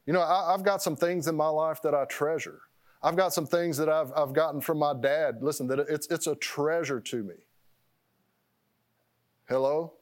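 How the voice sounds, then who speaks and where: Rambling, self-interrupting male preacher. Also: on the high side. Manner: rambling, repeats words, laughs at himself. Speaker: pastor. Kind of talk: sermon.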